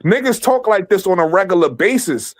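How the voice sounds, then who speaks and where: A man hosting a casual livestream, his voice sitting a little high for a man. He talks animatedly, doubles back on his words and swears freely. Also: animated, a little fast. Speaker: livestream host.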